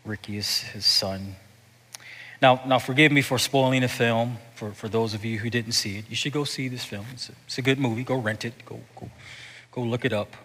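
A male pastor preaching a sermon. He repeats and restarts words and swings from hushed to loud. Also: medium pitch, steady tone, moderate pace. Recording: echoey hall reverb.

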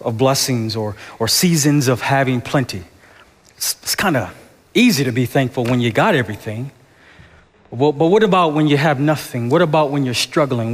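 A man preaching a sermon as a pastor, with emphatic, rhythmic repetition, in a church sanctuary. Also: mid-range voice. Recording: long church reverb.

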